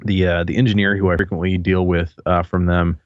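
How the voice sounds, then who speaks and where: A man co-hosting a live talk show in casual chat, halting and repeating words as he tells a story. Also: low-pitched, level tone, no echo. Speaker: co-host. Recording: dull lo-fi mic sound.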